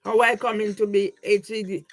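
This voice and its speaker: A woman's voice: mid-range voice, flat delivery, brisk, low-quality recording. An older woman talking casually through her personal photos in a rambling, grieving way, often checking in with the listener. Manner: rambling, repeatedly asks "yeah?"; grieving, aggrieved. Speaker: vlogger.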